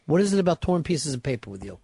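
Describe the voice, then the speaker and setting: A man's voice: on the high side, big pitch swings, quick pace, vocal fry, mellow, husky, no room sound. A man hosting a radio talk show, bossy and brash, swearing freely as he plans a stunt. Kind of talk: casual radio banter.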